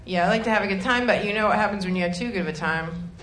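A woman's voice: mid-range voice, very fast, fairly bright tone. Rambling sarcastic woman comic on stage. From Detroit area, Michigan. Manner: rambling, self-deprecating, sarcastic asides. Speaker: stand-up comedian. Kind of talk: stand-up comedy set. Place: comedy club stage. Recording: echoey club with ambient noise.

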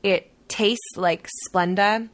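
A woman, an actress and guest, chatting casually with quick, emphatic storytelling. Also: medium pitch, steady tone. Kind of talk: casual chat.

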